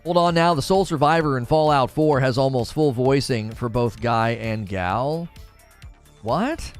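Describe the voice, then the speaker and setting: A man hosts a casual gaming news livestream, reading live chat and thinking aloud as he argues his opinions in an animated way. Now and then he briefly mimics cartoon voices in a high falsetto. He speaks at a moderate pace with faint music behind him.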